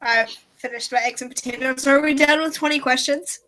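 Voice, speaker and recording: A woman player in a tabletop game, talking casually and quickly as her character. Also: high voice, steady tone, sharp tone, rough recording.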